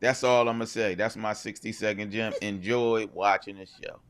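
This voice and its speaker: A man's voice: on the low side, steady tone, moderate pace, fairly bright tone, clean tone. A man on a casual filmmaker panel giving wry, teasing advice.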